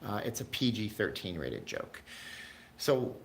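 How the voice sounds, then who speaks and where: A man's voice: lowish voice, big pitch swings, a little slow, vocal fry. A man hosting a casual livestream, chatting in a rambling way, jumping between tangents and talking to his live chat viewers. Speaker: livestream host.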